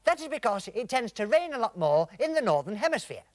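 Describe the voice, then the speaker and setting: A man's voice: extremely high pitch, very animated, fairly quick, no echo. A man presenting a comedy sketch as the patient straight man, explaining things in a comic double act.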